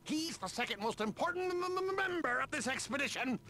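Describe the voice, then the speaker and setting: A man's voice: very high-pitched, very animated, a little fast, sharp tone, heavily acted. An actor playing a bossy, indignant male expedition leader in a video game, who stammers over his words. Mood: grumbling.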